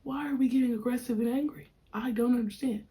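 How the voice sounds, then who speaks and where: A young woman hosting a podcast, telling a personal story in an animated, slangy, frank way. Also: a little high, fast talker. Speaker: podcast host. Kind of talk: casual storytelling.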